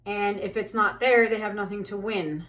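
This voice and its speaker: A woman's voice: mid-range voice, steady tone, normal speed, fairly bright tone. A woman chatting casually while she paints, venting anxiously in a rambling way with many fillers. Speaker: fluid art painter and channel host.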